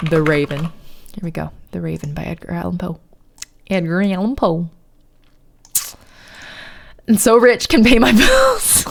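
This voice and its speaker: A woman streamer reading a poem aloud in a put-on British accent, stumbling over words and chatting with viewers. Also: a little high. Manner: chats with viewers between verses.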